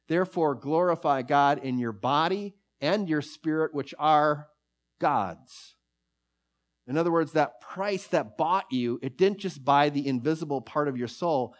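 A man preaching a sermon, reading scripture aloud and telling a story with slow, emphatic pauses. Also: fairly high pitch. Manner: reads scripture passages aloud.

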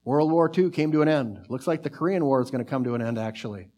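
A man preaching a sermon, fervent and earnest, surging up in bursts and dropping to soft, drawn-out lines. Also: medium pitch. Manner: fervent, pace and volume swell then drop to soft near-whisper.

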